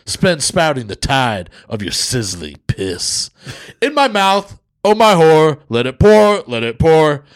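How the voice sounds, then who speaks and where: Man playing a loud brash comic reciting verse, pitched high and punchy. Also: very animated, slow pace, clear, resonant tone. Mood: bawdy bombast. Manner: shouty, punchy comic delivery. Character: brash loud male stand-up comedian reciting. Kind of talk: comic poetry reading.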